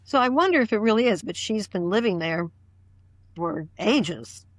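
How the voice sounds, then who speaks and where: A woman's voice: medium pitch, lively intonation, normal speed, no echo. A woman fan on a podcast panel, chatting casually and retelling scenes from the show.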